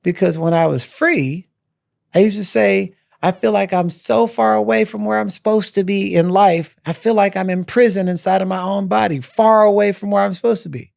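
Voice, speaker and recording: A man speaks as a podcast guest, telling his own story with animated repetition of key phrases. His voice has a gravelly, fry-edged texture. The sound is dry and close, with no room echo. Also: high-pitched, moderate pace. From United States. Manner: animated, repeats phrases for emphasis. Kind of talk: personal storytelling in a conversation.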